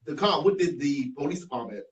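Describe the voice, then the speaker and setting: A man's voice: a little high, expressive, a little fast, muffled recording. A man interviewing a guest, asking sympathetic and incredulous follow-up questions. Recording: voice off-mic, distant.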